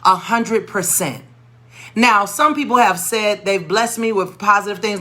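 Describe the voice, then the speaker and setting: Animated woman storyteller. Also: medium pitch, measured pace. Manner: animated, expressive storyteller who acts out voices. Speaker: educator and tutor. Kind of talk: storytelling teaching talk.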